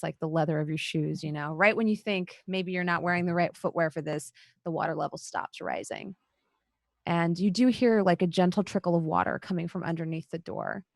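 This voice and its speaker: Low-voiced woman narrating a game. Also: vocal fry, no echo, clean studio sound. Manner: descriptive, full of likes and kind-ofs. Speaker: storyteller, game master. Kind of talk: narrating a tabletop vampire game.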